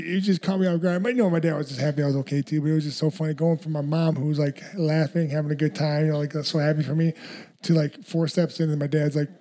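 Young man, casual storyteller, quick talker, slightly high voice, laughs a lot. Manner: animated, laughing storyteller, slangy. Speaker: guest, fighter.

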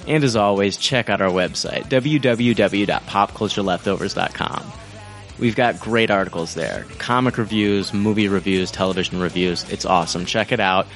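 Male podcast host, relaxed and jokey, laughing between lines. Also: fairly low pitch, normal speed, soft background music. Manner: joking, laughs often. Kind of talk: casual chat and sign-off.

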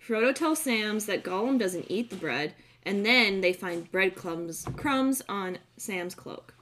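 A woman's voice: mid-range voice, lively intonation, slow pace, fairly bright tone, slight background noise. A young adult woman hosting a casual chat, retelling a film scene by scene in a profane, giggly way. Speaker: podcast host recapping a film.

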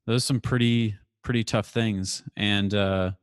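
A man's voice: fairly low pitch, steady tone, unhurried, clear, resonant tone, dry recording, clean studio sound. A man in his thirties co-hosting a casual faith-based chat, easygoing and chatty. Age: 30s. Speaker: podcast co-host.

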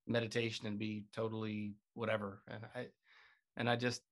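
A man's voice: fairly low pitch, flat delivery, moderate pace. A man co-hosting a podcast in casual chat, rambling and restarting sentences as he goes. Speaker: podcast co-host.

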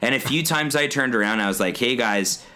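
A man holds forth on a casual podcast, his voice bright and edged with tension. He tells his story as an animated rant, full of swearing, and his pitch stays in a middle range. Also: a little fast. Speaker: podcast co-host. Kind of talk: casual chat.

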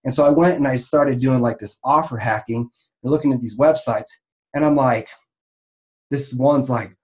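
At a moderate pace and an ordinary middle pitch, an online marketer from the raw vegan health business gives a loose, conversational talk on marketing lessons. He keeps restarting sentences and leaning on fillers, and becomes animated whenever he acts out an example.

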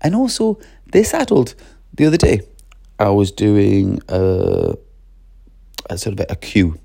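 A middle-aged man talks to teachers with a gravelly, husky voice that swoops up and down expressively. His tone is mellow rather than bright, and the dry, close sound carries no room echo. He keeps the delivery animated, often slipping into character voices. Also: lowish voice, unhurried. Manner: expressive, lively, acts out classroom voices. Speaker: teacher trainer. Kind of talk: animated training talk to teachers.

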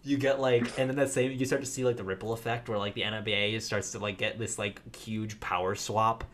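A man co-hosting a podcast in casual chat, telling a story in a rambling, animated way full of fillers. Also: lowish voice, fairly quick, slight background noise. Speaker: podcast co-host.

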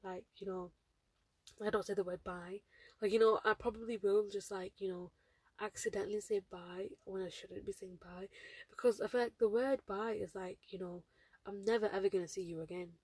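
Flat-voiced teenage girl rambling on a podcast. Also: mid-range voice, a little fast, breathy edge, no room sound. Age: teens. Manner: rambling, filler-heavy, chatty. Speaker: podcast host. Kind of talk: casual solo podcast chat.

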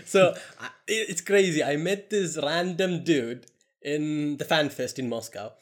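A young man from Kerala with a Malayali Indian accent, telling stories in a casual chat with lively acted-out quotes and frequent laughter. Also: a little high, measured pace. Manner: animated storyteller, laughs often, acts out quotes. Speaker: guest recounting stories.

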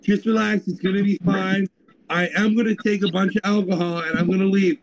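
A masked male thief who apologizes and soothes with exaggerated courtesy, as a man puts him on in a story. His voice sits fairly high for a man. He speaks in a calm, reassuring tone. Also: brisk, poor audio. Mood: apologetic.

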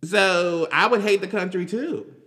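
A man hosting a podcast, talking in casual, animated commentary, laughing and repeating himself as he reacts. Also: high voice, a little slow, long reverb tail. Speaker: podcast host.

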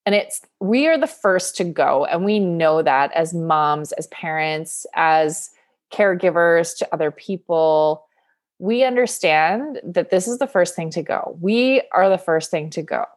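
Woman podcast host, chatty and upbeat, slightly low voice, solo talk. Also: expressive, unhurried. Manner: upbeat and chatty, laughs between phrases.

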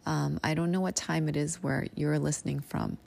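A woman in her thirties hosting a podcast, reflecting unscripted in a thoughtful, halting way with a low morning voice. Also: fairly even intonation, vocal fry, a little mellow. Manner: thoughtful, halting, many ums. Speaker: podcast host.

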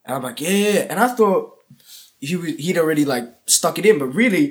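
A man's voice: a little high, a little fast. A teenage boy, telling stories to friends in a casual chat, acting out voices and swearing freely. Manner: animated storyteller, acts out voices, swears a lot. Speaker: student.

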